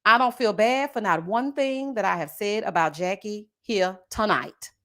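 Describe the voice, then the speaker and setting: A woman hosting a live review of a reality show, sassy and expressive, talking straight to her viewers. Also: mid-range voice, moderate pace.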